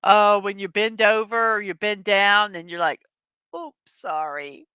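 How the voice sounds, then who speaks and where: A woman's voice: mid-range voice, steady tone, moderate pace, bright, forceful tone, clean tone, no room sound. A middle-aged woman hosting a casual morning show, chatting and laughing often as she reads out jokes. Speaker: host of a daily morning show. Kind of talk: casual chat reading memes to a live audience.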